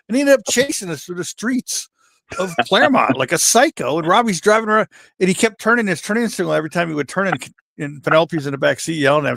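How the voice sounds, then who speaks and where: An older former wrestler spins wild road stories on a podcast, bouncing into squeaky voices whenever he quotes someone. His voice sits a bit high, and the sound is dry and close with no room around it. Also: fast, creaky, no room sound. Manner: animated anecdote teller, jumps to high voices for quotes. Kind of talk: casual storytelling chat.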